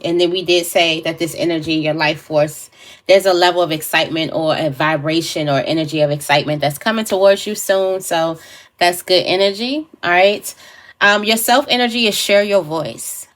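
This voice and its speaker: A woman's voice: fairly low pitch, normal speed. A woman giving a casual tarot reading to camera, thinking aloud with fillers and restarts. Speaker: tarot reader.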